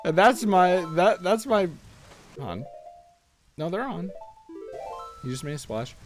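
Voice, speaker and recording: A man with a somewhat high voice talks his way through a video game in casual commentary. He rambles, restarts his sentences and pokes fun at himself as he goes. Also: sing-song, unhurried, faint music behind. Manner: rambling, self-deprecating, chatty with frequent restarts. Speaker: let's play host.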